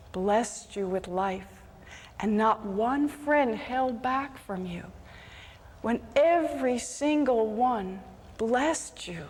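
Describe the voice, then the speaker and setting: A wise old rabbi speaks slowly and solemnly, as a woman storyteller voices him. The voice sits fairly high. A long hall echo trails behind each line. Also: a little mellow, slight background noise.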